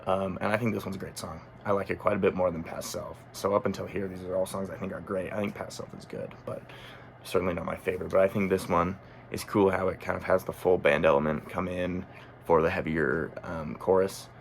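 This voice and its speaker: Deep, gravelly man casually reviewing music. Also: brisk, slight background noise. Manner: relaxed, thinking aloud with frequent ums and self-corrections. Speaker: music critic. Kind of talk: casual album review monologue.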